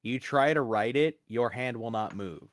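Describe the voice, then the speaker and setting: A man acting as game master, narrating a tabletop game in a chatty, halting way with frequent laughs. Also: mid-range voice, dry recording.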